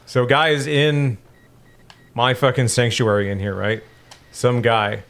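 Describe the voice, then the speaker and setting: A young adult man co-hosting a casual gaming podcast, telling stories in an animated, profane, ranting way. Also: mid-range voice, a little slow. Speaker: podcast co-host.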